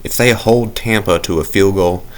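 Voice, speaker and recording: Here a low-voiced man talks at a moderate pace over a video game he's playing. A gaming video creator, he keeps his commentary loose, rambling, jokey and self-mocking.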